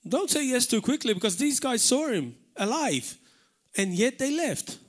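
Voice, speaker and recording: A man's voice: very high voice, very animated, moderate pace. A man preaching a live sermon in church, earnest and emphatic, repeating words for stress. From Malta. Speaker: pastor. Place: church hall, live service.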